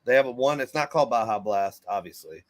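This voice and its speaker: A man's voice: mid-range voice, animated, quick pace. A man hosting a casual morning show, chatting loosely and laughing often as he recaps sports scores. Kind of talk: casual chat.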